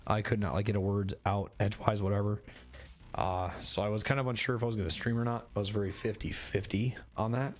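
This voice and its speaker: Hoarse rambling male streamer. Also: fairly low pitch, steady tone. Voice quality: raspy. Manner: rambling, filler-heavy, halting. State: hoarse, recovering voice. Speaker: game streamer. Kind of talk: casual chat to stream viewers. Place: bedroom at home.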